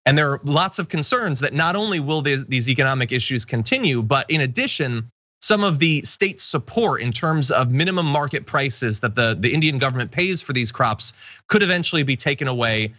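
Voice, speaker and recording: Bright-voiced male talk show host. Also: medium pitch, brisk, dry recording, dull audio. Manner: relaxed, laughs easily, reads viewer comments. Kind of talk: casual news talk show chat.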